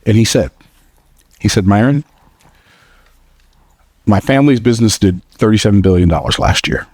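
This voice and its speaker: A motivational speaker addresses a live audience at normal speed, telling energetic stories full of jokes and repeating phrases for emphasis. He's plain-spoken and slips into a high, squeaky voice for quotes, captured in clean studio sound with no echo.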